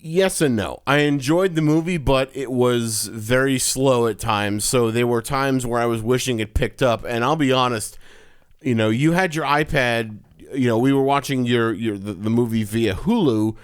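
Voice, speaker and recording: A man gives his movie opinions in loose, chatty podcast talk, often repeating words while he finds his point. His voice is clear and smooth, at a middle pitch. The recording is dry and close. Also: normal speed, dry recording. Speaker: podcast co-host. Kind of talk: casual movie chat.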